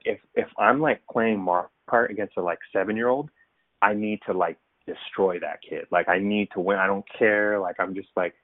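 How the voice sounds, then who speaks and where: A man's voice: fairly low pitch, no echo. A man preaching a casual, conversational sermon, loose and self-deprecating, with lots of fillers. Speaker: pastor. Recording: tinny phone-like dry sound.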